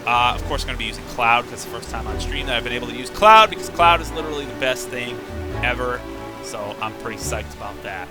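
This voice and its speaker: A man's voice: medium pitch, lively intonation, fast, over music. A young man streaming a game, casually talking through his play with chatty, muttered asides. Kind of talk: casual live gameplay commentary.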